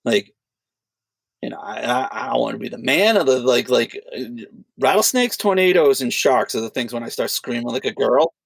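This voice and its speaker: Gravelly husky guy rambling thru a story, cusses a lot, dry close sound. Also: medium pitch, normal speed, dry recording. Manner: rambling, profane, animated retelling. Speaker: podcast co-host. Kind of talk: casual storytelling.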